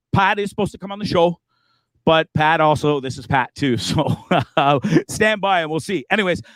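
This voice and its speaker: A man's voice: on the high side, dry recording. A man hosting his livestream in a casual, profane, joking, rambling way. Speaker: livestream host.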